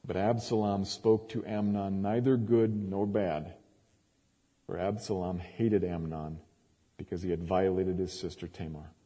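A man preaching, reading scripture aloud in a measured, emphatic way with sudden rises. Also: sits low, steady tone, warm tone, breathy edge. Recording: long hall reverb.

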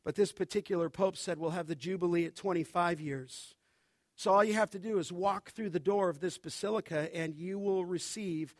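High-voiced man preaching an emphatic sermon. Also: no room sound, studio quality. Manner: emphatic preaching, quoting scripture. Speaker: pastor.

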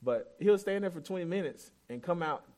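A man's voice: sits high, animated, brisk, a little mellow. A man in his thirties preaching a sermon as pastor, telling a family story in a candid, self-deprecating, conversational way.

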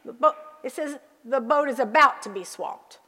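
A middle-aged woman pastor preaching a sermon, telling family stories with lively asides to the congregation. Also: high voice, normal speed, long reverb tail.

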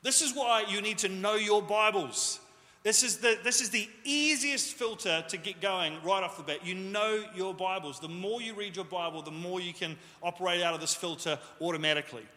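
High, bright-voiced male pastor preaching. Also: normal speed. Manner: jokey, self-deprecating, conversational. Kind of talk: sermon. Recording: echoey hall reverb.

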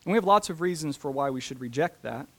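A man preaching a sermon, talking deliberately and slowing down to stress key phrases. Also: on the high side, animated. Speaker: pastor.

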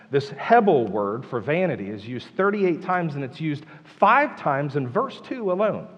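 A man's voice: fairly high pitch, in a large hall, highs cut off. A man preaching a sermon, emphatic and full of rhetorical questions. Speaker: pastor.

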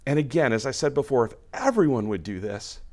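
A man's voice: medium pitch, lively intonation, a little fast, a little mellow. A man, a pastor, preaching a sermon in a conversational way and explaining through everyday examples.

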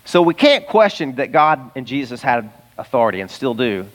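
A pastor preaching a sermon in a conversational, emphatic way, sometimes laughing mid-sentence. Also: male voice, mid-range voice, very animated, normal speed.

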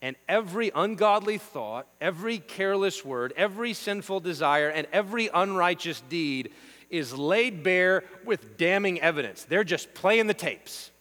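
A man preaching a sermon, emphatic and rhythmic, swinging between hushed passages and forceful declarations. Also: sits high, expressive, normal speed. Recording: long reverb with mains hum.

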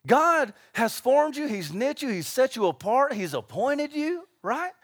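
A man preaching a sermon, telling stories with acted-out voices and lively delivery. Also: very high-pitched, a little slow, no echo, studio quality. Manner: animated storytelling with acted-out voices.

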